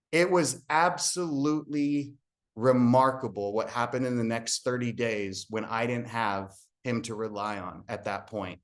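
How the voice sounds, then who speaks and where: A man's voice: mid-range voice, fairly even intonation, unhurried. Earnest man telling a personal story. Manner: earnest storyteller who acts out the dialogue. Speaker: guest speaker. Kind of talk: personal story in a motivational talk.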